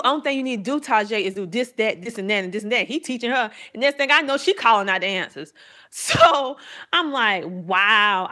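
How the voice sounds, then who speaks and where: A middle-aged woman, a homeschooling mom, chatting casually and enthusiastically about her family's math books, rambling a little and laughing softly. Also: mid-range voice. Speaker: homeschooling mom reviewing curriculum. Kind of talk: casual chat to camera.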